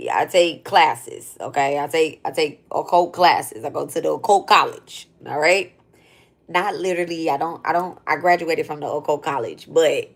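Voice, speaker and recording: A woman's voice: on the low side, pushed and bright. A woman telling a personal story in a blunt, profane, rambling way, as a spiritual content creator talking to her viewers. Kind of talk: casual storytelling rant.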